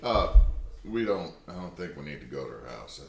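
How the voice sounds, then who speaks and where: A man's voice: extremely low pitch, moderate pace, vocal fry, a crowd in the background. A man playing a tabletop game with friends, chatting casually and describing what his character does. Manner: lively, narrates his character's actions. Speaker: player. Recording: echoey room.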